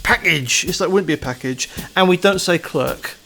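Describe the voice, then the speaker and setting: A man's voice: sits high, brisk, fairly bright tone. An English man co-hosting a podcast in casual chat, talking in long rambling, emphatic runs and swearing freely. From England. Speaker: podcast co-host.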